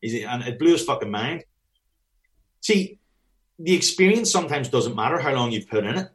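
A man's voice: medium pitch, expressive, normal speed. A man with a mid-range voice talks as a business coach for personal trainers, blunt and given to swearing. He acts out snatches of dialogue as he goes, in a casual, straight-talking chat.

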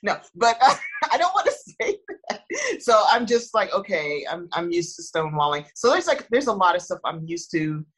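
A woman in casual conversation, speaking thoughtfully with a soft, soothing voice and frequent restarts. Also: lowish voice, very animated, normal speed, husky, poor audio.

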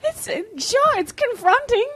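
A woman's voice: very high voice, animated, a little slow, fairly bright tone. A woman guesting on a live comedy show, playing mock-prudish and flustered, giggly. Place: bar stage before a live audience.

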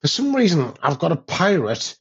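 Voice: mid-range voice, sing-song, moderate pace. A caller putting on a hammy pirate voice with a Northern Irish accent in a voicemail. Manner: swooping, growled pirate calls. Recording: dull voicemail recording.

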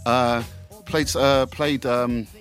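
A middle-aged man, a DJ guest telling animated anecdotes in casual chat and acting out the people in them. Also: mid-range voice, drawn-out words, faint music behind. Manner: animated, swearing, acts out voices in anecdotes.

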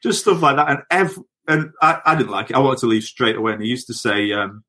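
A bright, forceful mid-range voice comes from a middle-aged man who used to play football, speaking briskly. He tells anecdotes on a podcast in a chatty manner, laughing as he goes.

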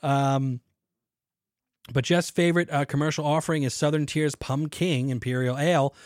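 A man's voice: on the high side, steady tone, moderate pace, no room sound, clean studio sound. A man hosting a beer podcast, reading articles aloud and breaking off into sarcastic, swearing rants. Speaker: podcast host.

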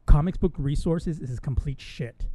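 Male podcast co-host, mellow, slightly high voice, profane ranting, dry sound. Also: a little slow, breathy edge, no echo. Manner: profane, ranting, laughs often. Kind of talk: casual chat.

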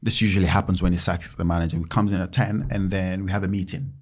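A former footballer in his thirties tells stories in a casual interview, speaking fast in a low voice. He's animated and acts out quotes by raising his voice.

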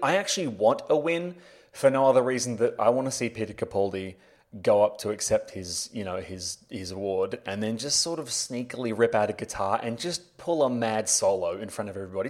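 A man hosting a podcast, talking in a jokey way full of quick asides. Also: mid-range voice. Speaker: podcast host. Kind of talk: comic podcast monologue.

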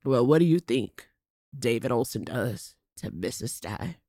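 A woman co-hosting a podcast, recapping a TV show in casual, animated chat with dramatic quotes. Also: a bass voice, measured pace, no room sound, clean studio sound. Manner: animated, laughing, dramatic quoting. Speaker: podcast co-host.

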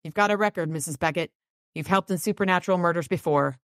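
A woman's voice: on the low side, quick pace, dry recording, clean studio sound, lightly acted. A woman voicing a blunt, stubborn male wizard detective in a read-aloud story, confrontational in manner.

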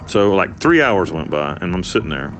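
A man telling his own story in an interview, blunt and profane, with animated delivery. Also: low-pitched, moderate pace. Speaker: interviewee, former prisoner.

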